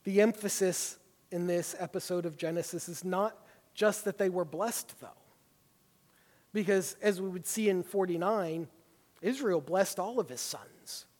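Here the pastor's voice sits high and moves a little slowly as he teaches from a Bible passage. His delivery is emphatic, rising to forceful stresses, all heard through long hall reverb.

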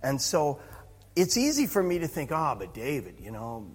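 A man's voice: a little high, wildly swooping pitch, normal speed, breathy edge. A man preaching a sermon as pastor, in a conversational, self-interrupting way with chuckling asides. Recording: reverberant hall.

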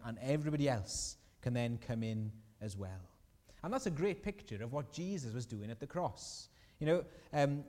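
A man's voice: on the high side, warm tone. Earnest preacher man in an echoey hall. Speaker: pastor. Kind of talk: sermon.

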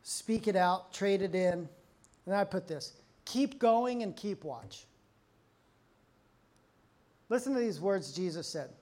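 A man's voice: high voice, slow pace, pauses often. A man preaching from the pulpit, talking to the congregation as if chatting with friends. He tells anecdotes with energy and acts out the lines of the people in them. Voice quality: conversational, animated storyteller acting out quotes. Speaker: pastor. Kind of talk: sermon.

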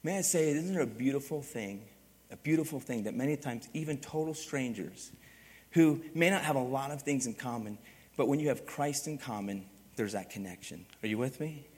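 A man preaching a sermon as pastor, animated, swinging from loud emphatic bursts to quiet, hushed passages. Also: medium pitch, normal speed, breathy edge, in a large hall.

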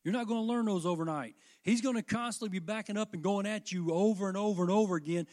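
An older man delivers a sermon with fervent energy, his fairly high voice climbing into loud passages and then dropping to quiet, earnest stretches. He speaks directly to his congregation. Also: fast. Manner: fervent, rising and falling delivery. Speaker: preacher.

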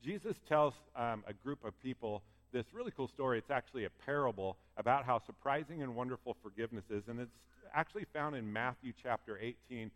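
A man's voice: medium pitch, animated, fairly quick, few pauses, fairly bright tone. A man preaches a sermon, earnest and conversational as he talks his congregation through scripture. His voice sits in a middle register. The sound rings out with a long hall reverb. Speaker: pastor.

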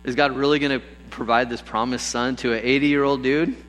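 Animated male pastor preaching. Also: mid-range voice, brisk, poor audio. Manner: lively storytelling, acts out voices with bursts of excitement. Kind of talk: sermon.

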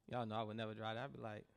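A pastor with a lowish, vocal-fry voice delivers a sermon in a loose, conversational style. He jokes with the congregation and does impressions of people along the way.

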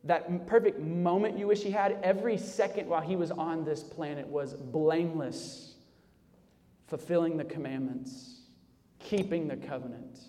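A male pastor preaching a sermon, dropping low and quiet, then rising loud for emphasis. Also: long reverb tail. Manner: preaching with sharp swings between soft low passages and loud raised emphasis. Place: church sanctuary.

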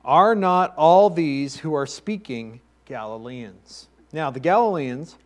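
Male pastor, higher-pitched voice, chatty storytelling sermon. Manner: conversational, anecdotal preaching with asides to the congregation.

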